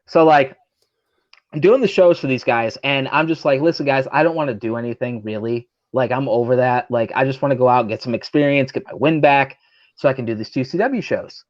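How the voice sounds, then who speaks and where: A male pro wrestler on a talk show rambles through a profane, filler-laden story, acting out the people he quotes in the manner of casual drinks-table storytelling. His mid-range voice moves fairly quickly, and the highs are cut off.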